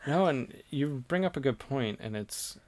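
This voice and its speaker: A man in his thirties co-hosting a podcast, laid-back and quick to agree. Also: mid-range voice, animated, a little mellow. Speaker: podcast co-host. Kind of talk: casual chat.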